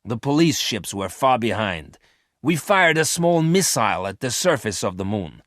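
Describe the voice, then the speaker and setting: A man's voice: medium pitch, sing-song, normal speed, fairly bright tone, dry recording, studio quality. A man voicing a harsh ruthless space criminal. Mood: explaining. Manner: harsh, commanding. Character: ruthless adult male space criminal leader.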